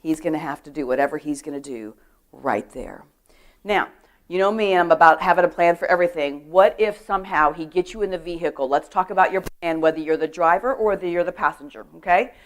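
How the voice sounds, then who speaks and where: A middle-aged woman giving an animated talk on personal safety to a women's church group, telling stories, acting out quotes and asking the audience questions. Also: fairly low pitch, fairly quick. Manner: lively storytelling, acts out quotes, asks the audience questions. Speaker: guest speaker on personal safety.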